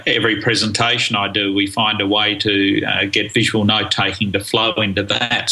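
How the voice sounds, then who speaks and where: Middle-aged aussie guy, bright sharp tone, chatty and eager, lots of ums. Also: on the low side, rough recording. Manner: enthusiastic, explanatory, frequent ums and restarts. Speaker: guest speaker on learning. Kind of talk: conversational interview answers.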